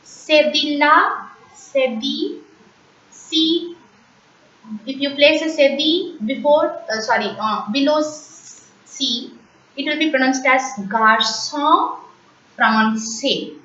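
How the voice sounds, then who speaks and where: A woman teaching a language lesson at a high pitch and a deliberately slow pace, patiently repeating each word for learners. She sits away from the microphone in a roomy, echoing space. The sound is dull and lo-fi. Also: fairly bright tone. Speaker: French teacher. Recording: echoey room, distant, dull lo-fi mic.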